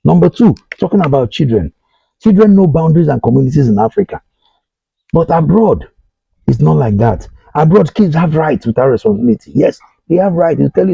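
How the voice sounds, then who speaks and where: A middle-aged man with a Nigerian accent talks earnestly to his listeners, circling back to the same questions. His voice is deeply gravelly and very dark, with a husky edge. The sound is dull and lo-fi. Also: animated, a little fast, dry recording. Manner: earnest, repetitive, addresses listeners directly. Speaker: host. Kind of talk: advice monologue.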